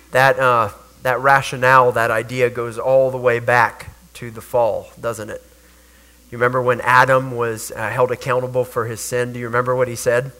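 A man's voice: medium pitch, level tone, normal speed, pushed and bright. A man preaching a sermon, earnest, with rhetorical questions and repeated words. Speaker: pastor.

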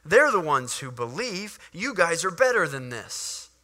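A man's voice: fairly high pitch, sing-song, a little slow, pushed and bright, heavily acted. A man voicing a group of indignant, superior religious leaders who scold their own guards. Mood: scornful. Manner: scolding, contemptuous.

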